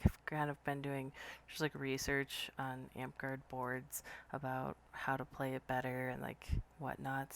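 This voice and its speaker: A woman's voice: low-pitched, smooth. A woman hosting a podcast interview, chatty and casual, with lots of "like" and "kind of". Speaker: podcast host.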